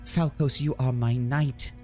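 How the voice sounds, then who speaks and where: A man voicing a tearful, gentle woman dryad who pleads in a trembling voice. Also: medium pitch, fairly even intonation, unhurried, faint music behind, pitched above the performer's own voice, close to an everyday voice. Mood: pleading.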